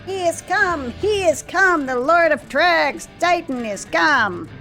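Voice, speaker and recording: A woman's voice: extremely high pitch, animated, takes it slowly, pushed and bright, soft background music, voice pushed up, heavily acted. A woman reading as zealous little beastmen chanting. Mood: ecstatic.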